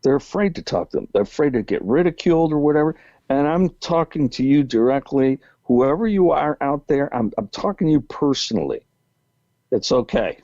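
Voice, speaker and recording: A man's voice: mid-range voice, lively intonation, moderate pace, mellow, no room sound. A man in his sixties with a New England accent, a guest telling a long story in a rambling way, full of restarts. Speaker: podcast guest. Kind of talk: storytelling interview. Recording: muffled lo-fi call audio.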